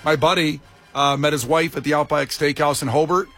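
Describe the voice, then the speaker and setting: A man's voice: on the high side, steady tone, a little fast, fairly bright tone, faint music behind. A man co-hosting a radio show in casual chat, rambling and joking with many restarts. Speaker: radio co-host.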